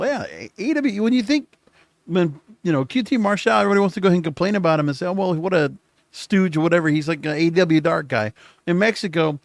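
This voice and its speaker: A man's voice: medium pitch, dry recording, clean studio sound. A man hosting a solo podcast, recapping in a casual, rambling way with frequent self-corrections, recording late at night. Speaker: podcast host.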